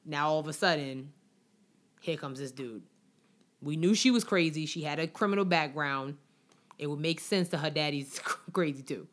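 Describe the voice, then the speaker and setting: A woman's voice: low-pitched, moderate pace. A woman co-hosting a casual podcast, chatting animatedly and sharing lots of fan theories about a TV show. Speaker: podcast co-host. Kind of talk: casual chat. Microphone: studio mic.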